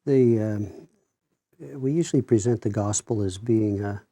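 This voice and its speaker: A man, a minister, speaking haltingly with many restarts in a conversational discussion. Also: lowish voice, mellow, dry recording.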